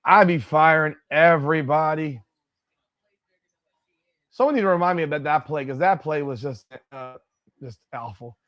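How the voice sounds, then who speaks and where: A man with a fairly high voice calls the game play by play on his live watch-party stream. His delivery is blunt and full of swearing. He breaks easily into exasperated outbursts. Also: normal speed, pauses often, muffled recording.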